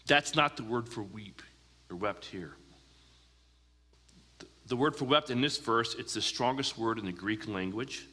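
A man preaching a sermon as a pastor, earnest, asking the listeners questions and slowing down for emphasis. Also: fairly low pitch, sharp tone, husky, in a large hall.

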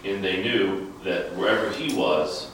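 A man's voice: deep voice, animated, a little slow, background noise. A man leading an informal Bible study, asking his group questions in a conversational way. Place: church room. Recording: echoey room, from far off.

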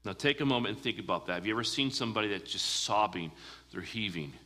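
A man preaching a sermon as a pastor, earnest, asking the listeners questions and slowing down for emphasis. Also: lowish voice, animated, sharp tone, long reverb tail.

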